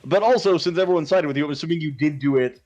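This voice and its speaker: A man's voice: on the high side, rapid-fire, darkish tone. A man co-hosting a let's play stream, chatting casually and retelling stories with quoted asides. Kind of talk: casual gaming chat. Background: faint game music.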